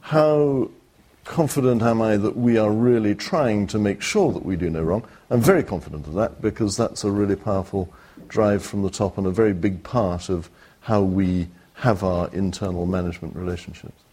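A man on a discussion panel answering a question in a measured, halting way, with restarts. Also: on the low side, dark tone. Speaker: panelist, company executive.

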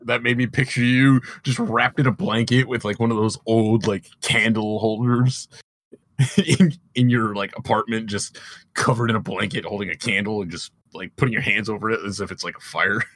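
A man hosting a casual comedy podcast, animated and joking, with a husky voice. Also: fairly low pitch, moderate pace, dry recording. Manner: animated, laughing, jokey voices. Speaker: podcast host.

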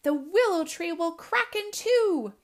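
A woman's voice: high voice, expressive, extremely slow, pitched above the performer's own voice, heavily acted. A woman voicing a protective, caring mother owl in a storybook, fussing and urgent. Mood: alarmed. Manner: fussing, urgent, screeching when alarmed. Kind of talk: storybook reading.

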